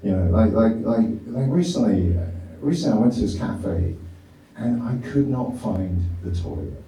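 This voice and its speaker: Middle-aged comic in an echoey club. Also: male voice, lowish voice, expressive, normal speed, warm tone, a little hiss or hum. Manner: rambling self-mocking with frequent laughs and filler. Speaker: stand-up comedian. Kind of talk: stand-up comedy set. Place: comedy club stage. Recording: echoey club from far off with crowd.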